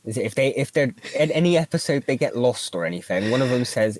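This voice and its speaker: A man's voice: mid-range voice, fast talker, hardly any pauses, a little mellow. A man co-hosting a casual podcast, telling dry little jokes and trailing off. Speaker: podcast co-host. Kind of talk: casual chat.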